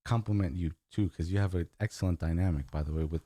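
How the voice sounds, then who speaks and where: Deep-voiced young man, earnest and mellow. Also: quick pace, no room sound. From Guatemala and United States. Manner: earnest, repeats "man" often. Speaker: guest. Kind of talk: casual podcast chat.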